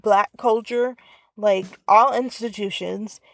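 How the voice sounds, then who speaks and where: A woman's voice: medium pitch, fairly even intonation, takes it slowly, gravelly, no echo. A woman hosting a casual solo podcast from inside her car, chatty and full of filler words. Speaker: podcast host.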